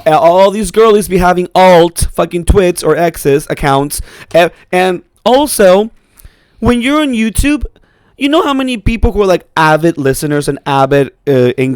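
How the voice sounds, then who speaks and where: A man co-hosting a podcast in casual chat, with a raspy, tired-sounding voice and an animated, profane way of talking. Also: on the high side, no echo. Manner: animated and profane, rushing through asides. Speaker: podcast co-host.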